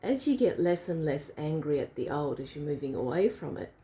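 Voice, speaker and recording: A woman with a lowish, mellow voice talks through an idea in a relaxed bedtime chat. She explains step by step with a visual demo and laughs easily. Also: fairly quick. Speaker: co-host. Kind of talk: casual bedtime reflection chat.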